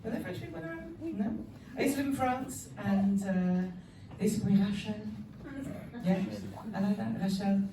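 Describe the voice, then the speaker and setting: A woman's voice: mid-range voice, normal speed. British woman doing stand-up in an echoey club. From United Kingdom. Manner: chatty, confiding, builds to loud punchlines. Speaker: stand-up comedian. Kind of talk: stand-up comedy set. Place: comedy club stage. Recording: echoey club from far off, noisy. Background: audience laughter.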